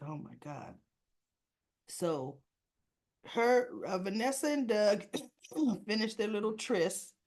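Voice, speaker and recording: A woman giving a chatty, casual recap of a TV soap episode, often clearing her throat. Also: mid-range voice. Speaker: soap opera reviewer.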